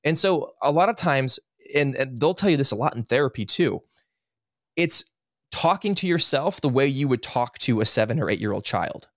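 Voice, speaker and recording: A man in his thirties, a guest on a podcast, telling a personal story in an earnest, animated way and acting out what people said. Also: medium pitch, moderate pace, dry recording, clean studio sound. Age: 30s. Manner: earnest, animated, acts out quotes. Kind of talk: candid interview storytelling.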